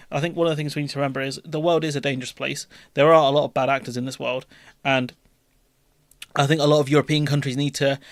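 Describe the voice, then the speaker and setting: A man's voice: fairly high pitch, dry recording, clean studio sound. A young man chatting casually on a live political stream, rambling with restarts and offhand swearing.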